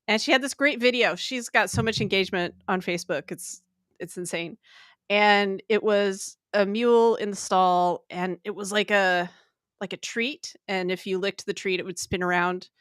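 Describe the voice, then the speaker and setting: A woman's voice: mid-range voice, steady tone, normal speed, a bit bright, clean tone, no echo, studio quality. A woman co-hosting a casual business talk over a livestream call, telling rambling stories and laughing often. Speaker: podcast co-host. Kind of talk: casual chat. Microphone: remote livestream call.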